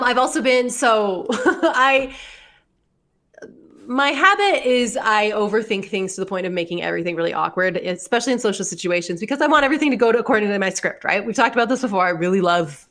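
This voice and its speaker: A woman in her forties co-hosting a podcast, telling stories in a lively, animated way and laughing often. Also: medium pitch, fairly quick. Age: 40s. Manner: animated storyteller, acts out voices and laughs often. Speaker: podcast co-host. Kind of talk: casual chat.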